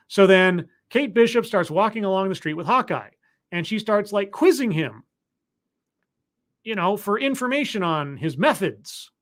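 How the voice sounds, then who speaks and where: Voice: mid-range voice, fairly bright tone. A live stream host recapping a TV episode in a casual, rambling way, with sarcastic asides and restarts while clicking through footage. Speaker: show reviewer hosting a live stream.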